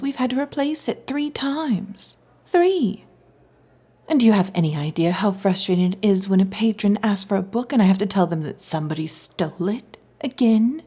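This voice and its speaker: A young female fox spirit who guards her library, chatty and teasing, drifting into soft whispers, as a woman acts her out in a whispered role-play. Her voice is breathy and mellow rather than bright. She sounds protective and a little flustered, like a storybook kitsune keeper of books. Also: medium pitch. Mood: scolding. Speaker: ASMR roleplay performer.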